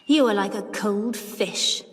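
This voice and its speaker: A woman voicing an older aunt who is secretive and frightened, speaking slowly and in a faraway, pleading way. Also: medium pitch, big-room sound, natural voice. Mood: dreamy.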